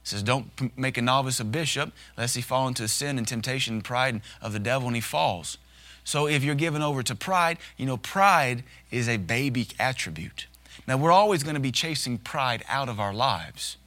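A man preaching a sermon, his voice bright and forceful. He talks in a folksy, joking way and drops into short acted asides to make a point. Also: mid-range voice, expressive, normal speed. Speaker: pastor.

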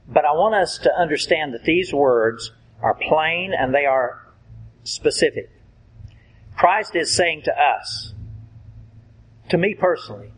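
A man preaching a sermon in a slow, deliberate way, reading and explaining Bible verses. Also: on the high side, slightly rough, rough recording.

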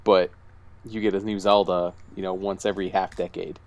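A man with a lowish voice who talks fast, jumping into the casual chat to make short, emphatic points. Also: little pitch movement.

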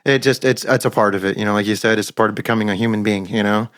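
A man's voice: on the low side, steady tone, rapid-fire, fairly bright tone, dry recording, clean studio sound. A young man co-hosting a podcast in casual, rambling chat, swearing and laughing as he talks. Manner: rambling, profane, laughs often. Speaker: podcast co-host.

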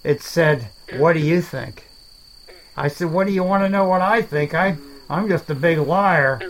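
A man's voice: fairly high pitch, poor audio. A man as a rambling swamp alligator. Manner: rambling, halting, self-deprecating. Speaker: main character of a comedy podcast. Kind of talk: improvised comedy dialogue.

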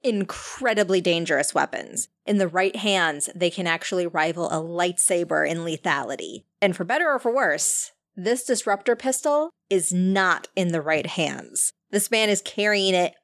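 A woman's voice: fairly low pitch, animated, normal speed, few pauses. Woman narrating as game master. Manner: descriptive, second-person narration.

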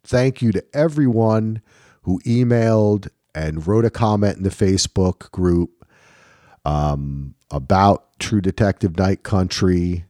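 A man from New Jersey with a low voice talks through a TV episode in casual podcast chat. He rambles loosely, trailing off into ums as he thinks. The sound is dry and close. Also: slow, warm tone, dry recording. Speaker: podcast co-host.

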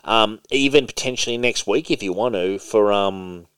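A man co-hosts a casual podcast, moving from questions to news items in an easy, conversational way. His voice sits on the low side. The sound is dry, with no room around it. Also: moderate pace, a bit bright, clear, resonant tone, dry recording. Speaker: podcast co-host. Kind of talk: casual chat.

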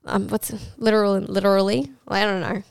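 A woman's voice: medium pitch, little pitch movement, a little fast, gravelly, smooth, no room sound, clean studio sound. An Australian woman co-hosting a podcast in casual chat, frank and giggly, acting out what people said. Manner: frank, giggly, acts out quoted lines. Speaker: podcast co-host.

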